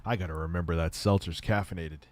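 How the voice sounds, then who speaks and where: A man's voice: low-pitched, steady tone, fast. A young man chatting casually on a stream, joking, swearing and bantering with his pet bird. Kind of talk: casual livestream chat.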